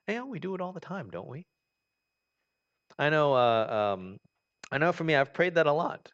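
A man's voice: fairly high pitch, big pitch swings, moderate pace, long pauses, a bit bright, muffled recording. Man preaching a conversational sermon. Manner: conversational, voices the people he describes. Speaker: pastor.

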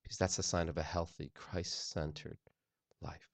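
A man's voice: low-pitched, flat delivery, moderate pace, vocal fry, dry recording. A man preaching a sermon, earnest and personal, often restarting his phrases. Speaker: pastor. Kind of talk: sermon on forgiveness.

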